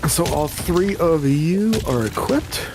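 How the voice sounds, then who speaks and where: Unhurried man narrating a tabletop game. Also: on the high side, animated, background noise. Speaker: game master.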